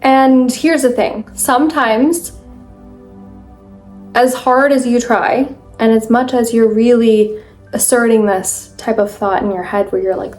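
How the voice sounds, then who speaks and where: A young woman giving an earnest, emphatic motivational talk to camera in a casual vlog, quick and full of fillers. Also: a little high, darkish tone, soft background music. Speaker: mindset vlogger.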